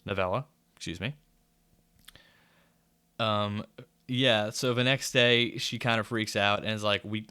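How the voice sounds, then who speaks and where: A man talks through a book review in a loose, rambling way, swearing casually and slipping into sarcasm. His voice is smooth and clear, and the sound is dry and close. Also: on the low side, sharp tone, no echo.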